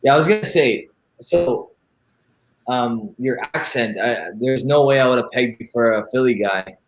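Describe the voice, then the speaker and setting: A Canadian man co-hosting a casual chat, talkative and quick to laugh. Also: medium pitch, roomy sound, low-quality recording. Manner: chatty, laughs a lot. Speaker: co-host.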